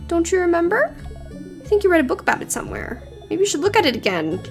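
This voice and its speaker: A cheerful, knowing guide figure played by a woman coaxes in a light voice. The pitch is high and it swings widely. It is a voiced game playthrough. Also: sing-song, fast, soft background music, full character voice. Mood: coaxing.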